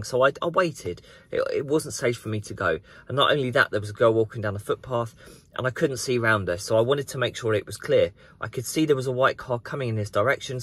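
A chatty man in his thirties talks to a tripod camera from a big garden. He tells his tale with animated energy, in a mid-pitched voice. The sound is dry, with no room around it. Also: no room sound. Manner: chatty and animated, acts out the story. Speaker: gardening vlogger. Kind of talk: casual vlog to camera. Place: outdoors in a large garden.

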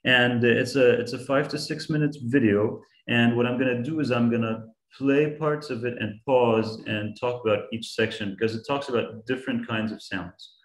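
A man's voice: medium pitch, fairly even intonation, moderate pace, hardly any pauses, echoey room. A man giving an online science class to young students, patient and encouraging, asking them questions as he explains. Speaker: science guest speaker teaching kids.

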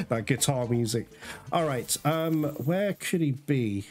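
A man's voice: fairly high pitch, expressive, slow pace. A man giving let's play commentary, getting frustrated, swearing and apologizing to his viewers. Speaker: gaming streamer. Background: loud game music.

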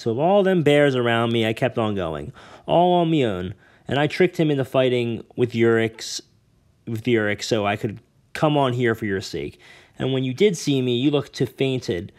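A man's voice: medium pitch, animated, moderate pace, a little mellow, natural voice. Lyra, a man voicing a fierce tearful girl. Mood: tearful, furious. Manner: rough dialect speech, ain't and me own. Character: fierce defiant young girl, tearful and stubborn.

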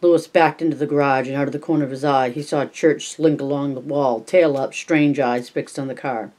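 Home audiobook reader, unpolished, middle pitch, plain reading with restarts. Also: steady tone, a little fast, darkish tone.

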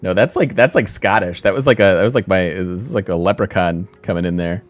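A man's voice: low voice, quick pace, dry recording, soft background music. A man hosting a strategy game let's play, thinking aloud in casual commentary, often laughing at himself.

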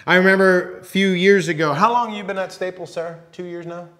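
A man preaching a sermon as pastor, talking in a conversational, halting way with restarts and teasing asides. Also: high-pitched, fairly even intonation, a bit bright. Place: church sanctuary.

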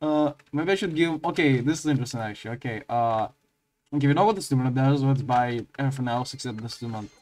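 A man giving crude, swear-heavy commentary while playing a game, often breaking into high laughing outbursts. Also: quick pace. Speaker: let's play gamer.

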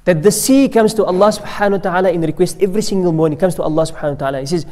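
Speaking rapid-fire with few pauses, this sheikh has a somewhat high, darkish voice. His Ramadan sermon blends storytelling with Arabic recitation, and the mosque hall around him carries a long echo.

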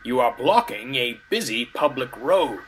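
A man voicing a stern, grumpy village constable who scolds slowly and officiously. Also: mid-range voice, animated, noisy background, lightly acted.

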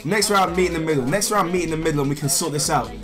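A man's voice: a little high, racing, over music. A man, commentating live gameplay and throwing profane, repetitive insults at other players in voice chat. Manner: brash, profane trash-talking, repeats insults over and over. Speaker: gaming video creator.

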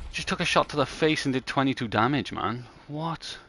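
A man's voice: mid-range voice, moderate pace, bright, forceful tone. A man streaming a shooter game live, swearing and bantering casually with a teammate. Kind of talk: casual gaming commentary. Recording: gameplay noise behind.

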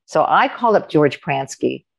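Female coach guest, middle-aged, low gravelly voice, animated storyteller who voices other people in her anecdotes. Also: moderate pace, a little hiss or hum. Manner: animated, acts out quoted dialogue. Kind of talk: conversational storytelling.

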